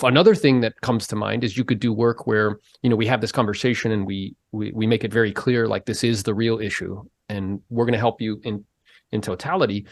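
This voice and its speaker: Male podcast host, mid-pitched, emphatic and animated, dry close sound. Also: no room sound. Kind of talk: casual interview conversation.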